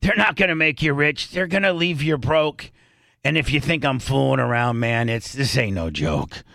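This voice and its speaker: A man's voice: medium pitch, animated, normal speed, creaky, fairly bright tone, no echo. A man hosting a radio show, rambling through casual studio talk with lots of restarts and half-sung rap lyrics. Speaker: radio host.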